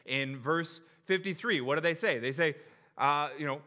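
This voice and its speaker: A young man preaching a sermon in an animated, joking way, acting out the crowd's reactions. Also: a little high, normal speed. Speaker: pastor.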